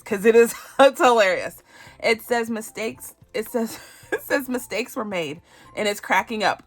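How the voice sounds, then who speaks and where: Woman, from Barbados, budgeting vlog host, casual chat, giggly, laughs often, mid-pitched voice. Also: fairly bright tone. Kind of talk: casual savings challenge vlog.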